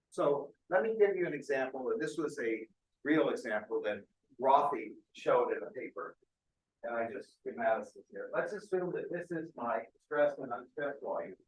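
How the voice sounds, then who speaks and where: A man giving a keynote medical lecture, explaining step by step and often checking that the audience follows. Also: medium pitch. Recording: echoey lecture hall.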